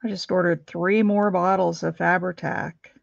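A woman's voice: fairly low pitch, steady tone, normal speed, gravelly, no echo, dull audio. A middle-aged woman hosting a craft livestream, chatting with viewers in a chatty, rambling way and laughing easily. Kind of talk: casual chat with live viewers while crafting. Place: home craft room.

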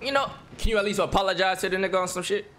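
A man's voice: sits high, racing, bright, forceful tone, slight background noise. A man chatting casually in slang during a roleplay stream, laid-back and repetitive. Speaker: streamer roleplaying a gang member.

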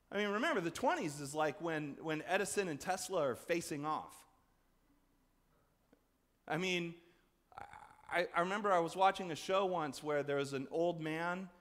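A man preaching a sermon as pastor, conversational and animated, acting out voices in the story. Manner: conversational, acts out quoted voices with big swings in pitch and loudness. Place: church sanctuary. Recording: long church reverb.

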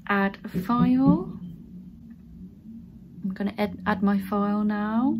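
A woman's voice: medium pitch, slow, pauses often, darkish tone, a little hiss or hum, poor audio. A woman in her thirties, a student nurse, chatting casually to her viewers and talking them through things step by step. She sounds earnest and encouraging. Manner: chatty, addresses viewers as guys. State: tearful, emotional. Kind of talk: casual vlog.

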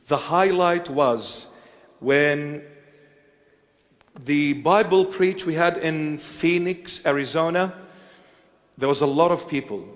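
A man preaching and answering questions before a congregation, halting with many fillers and joking now and then. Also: a little high. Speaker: church bishop preaching. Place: church hall with congregation. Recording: long reverb of a large hall.

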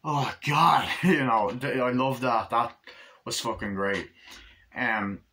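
A man's voice: slow pace, sharp tone. A man giving a casual, rambling film review, swearing often and acting out scenes. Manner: rambling, profane, acts out scenes in a higher voice. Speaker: movie reviewer.

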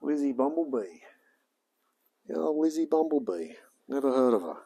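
A man's voice: mid-range voice, animated, moderate pace, vocal fry, dark tone, slightly rough. A man in his forties with an Australian accent, chatting casually to a live stream audience while working on a car, rambling and saying mate often. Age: 40s. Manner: rambling, talks to chat, says mate a lot. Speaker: livestreamer mechanic. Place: garage workshop.

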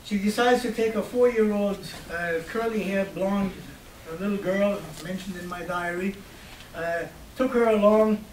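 Older man, high voice, wry conversational storyteller, roomy hall, distant mic. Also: unhurried, a little hiss or hum. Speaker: Holocaust survivor speaker. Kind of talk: storytelling talk. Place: hall at a university.

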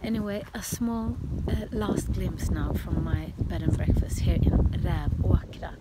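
A woman's voice: on the low side, measured pace, heavy background noise. Chatty woman vlogging outdoors. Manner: chatty, rambling, with many fillers and self-corrections; drops to a whisper for stretches. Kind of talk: casual travel vlog. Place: outdoors at a countryside bed and breakfast.

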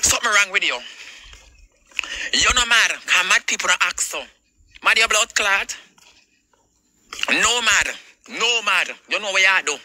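Sharp-voiced Jamaican woman ranting. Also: medium pitch, lively intonation, unhurried, pauses often, dry recording, rough recording. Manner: confrontational, repetitive, heavy swearing. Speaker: livestreamer. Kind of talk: heated livestream rant.

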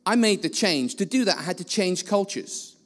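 Male guest preacher, high voice, blunt and self-deprecating, church-hall echo. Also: lively intonation, normal speed, fairly bright tone, faint music behind. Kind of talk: sermon.

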